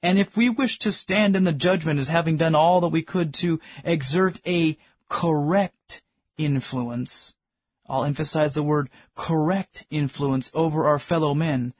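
High-voiced, husky preacher man. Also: dry recording. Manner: earnest, asks the congregation questions; addresses listeners as friends. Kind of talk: sermon.

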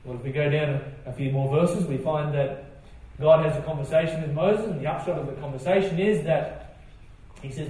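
A man's voice: a little high, animated, fairly quick, darkish tone. A man preaching a sermon in a conversational way, putting rhetorical questions to his listeners. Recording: echoey room from far off.

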